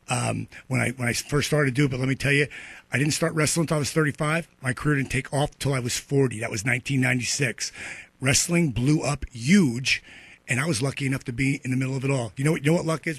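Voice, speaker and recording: A man's voice: medium pitch, fast talker, a bit bright, breathy edge, no echo. A man in his fifties, a radio interview guest telling stories in a boisterous, blunt way from a studio. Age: 50s.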